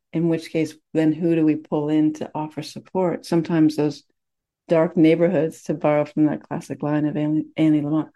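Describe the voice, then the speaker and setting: A woman meditation teacher giving a dharma talk in a gentle, reflective way, teary as she speaks. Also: low-pitched.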